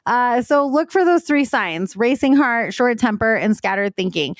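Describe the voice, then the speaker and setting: A woman in her thirties co-hosting a casual podcast, candid and animated, swearing casually and laughing often. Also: a little high, normal speed, no echo, studio quality. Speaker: podcast co-host. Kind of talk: casual conversational podcast chat.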